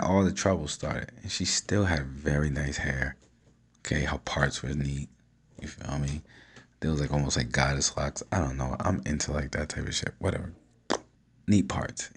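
A man's voice: extremely low pitch, husky. A man talking at home, telling a long story in a casual, slangy, profane way and acting out each person's lines. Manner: animated, profane, slangy, acts out the dialogue.

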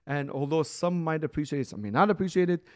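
A man teaching a religious class in a conversational way, with Hebrew terms and frequent restarts, slowing down and rising to stress key words. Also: on the high side, expressive, darkish tone. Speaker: rabbi teaching a Torah class. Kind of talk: recorded religious lesson.

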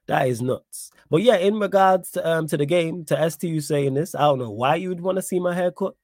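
A young man hosting a casual live-stream podcast, talking in an animated, slangy way and repeating his points for emphasis. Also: fairly high pitch, fairly quick, hardly any pauses, slightly rough, no echo, studio quality. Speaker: podcast host reading live chat.

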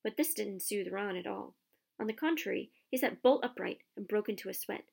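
A woman reading a children's novel aloud with expressive storytelling. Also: mid-range voice, brisk, creaky.

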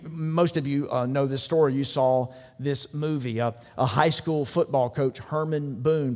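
A man's voice: mid-range voice, a little mellow. A man preaching a sermon as pastor, building his points through rhythmic repetition and rising intensity. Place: church sanctuary. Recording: long reverb of a large hall.

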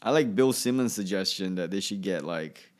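This comedian's solo podcast monologue comes in a low-pitched, expressive voice at normal speed. He rambles loosely, often letting sentences trail away before restarting them.

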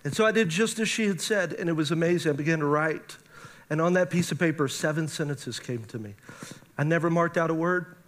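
A man's voice: fairly high pitch, a little fast, a bit bright. A man preaching a testimony to a live audience, emotional and acting out the dialogue as he tells it. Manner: emotional, acts out quoted dialogue. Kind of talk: sermon testimony storytelling.

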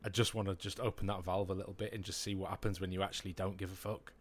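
Man, very deep voice, relaxed rambling chat, casual swearing. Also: racing. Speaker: podcast co-host.

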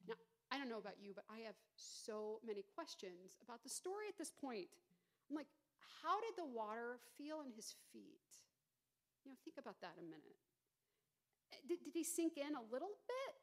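A middle-aged woman pastor preaching a sermon, retelling a story with animated, dramatic emphasis. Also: high voice.

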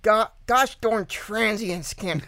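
A woman guest tells a true-crime story in loose, rambling chat, full of fillers, laughter and swearing. Her voice sits at a middle pitch. The recording is dry, with no room echo. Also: slow, pushed and bright. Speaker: podcast guest.

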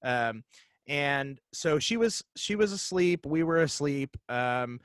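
A man in his thirties telling a ghost story in casual chat, animated and halting, with lots of fillers and restarts. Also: fairly high pitch, no echo.

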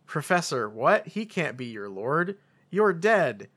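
A man's voice: on the high side, sing-song, slow pace, fairly bright tone, husky, full character voice. A man voicing an angry, demanding young male wizard hero in a comic dramatic reading of fan fiction. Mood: disbelieving.

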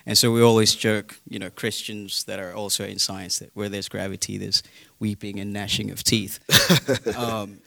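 A man's voice: on the low side, flat delivery, normal speed, gravelly, bright, forceful tone, no room sound. A man with a British accent explaining the physics of flight in a casual, hesitant way with frequent fillers. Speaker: guest explaining science.

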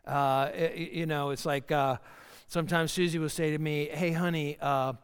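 Speaking at a moderate pace with a level, clean tone and a slightly high voice, this middle-aged pastor delivers a folksy, joking sermon. He acts out small scenes along the way, and the hall echoes around him.

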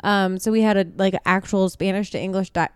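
A woman chats in a teasing, inquisitive way. Her voice is smooth and clear, recorded close and dry with no room sound. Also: medium pitch, fairly even intonation, no echo. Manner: teasing, quick to question and laugh. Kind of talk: casual chat.

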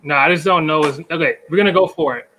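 High-voiced man reading out a fact. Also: fast talker, bright, forceful tone, slight background noise, low-quality recording. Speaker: podcast co-host presenting a fact. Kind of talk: casual chat.

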